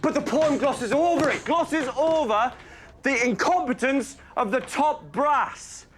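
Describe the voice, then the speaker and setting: An actor playing a stressed, harassed male schoolteacher in a television drama, theatrical in class and flat and weary at home. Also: very high voice, slow pace, a little hiss or hum, full character voice. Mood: impassioned. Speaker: teacher.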